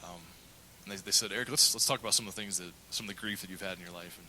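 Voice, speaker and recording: A man's voice: deep voice, fairly even intonation, rapid-fire, sharp tone, slight background noise, low-quality recording. A middle-aged male pastor preaching a sermon, telling a candid personal story and acting out the quotes. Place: church.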